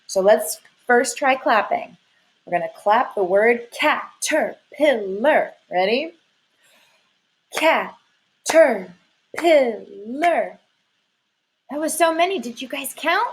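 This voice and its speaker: A woman's voice: fairly high pitch, expressive, unhurried, rough recording. A woman teacher leading a lesson for young children, sing-song and encouraging, stretching her words out.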